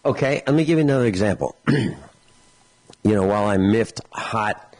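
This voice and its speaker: A man's voice: fairly low pitch, normal speed. A male talk radio host, telling stories with sarcasm and exasperation and acting out both sides of conversations. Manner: animated storytelling, acts out both sides of conversations.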